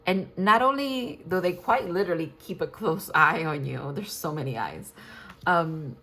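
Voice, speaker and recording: A woman's voice: fairly low pitch, animated, normal speed, fairly bright tone. A woman in her thirties giving a casual, rambling tarot reading, enthusiastic and full of restarts. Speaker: tarot reader.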